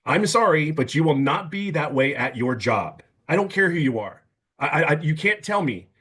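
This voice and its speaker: A man in his fifties giving an emphatic, casual testimonial on a webinar video call, stumbling over words when excited. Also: on the high side, moderate pace, slightly rough. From California. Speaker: webinar guest.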